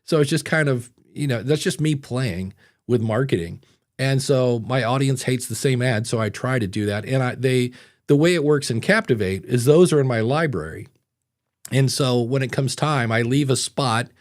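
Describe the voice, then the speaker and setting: A man hosting a podcast in casual chat, animated and given to silly voices. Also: medium pitch, normal speed. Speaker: podcast host.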